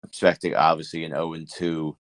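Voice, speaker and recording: A man co-hosting a casual sports podcast, talking in an animated way, laughing often and restarting his sentences. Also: rumbling low, brisk, no room sound. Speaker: podcast co-host.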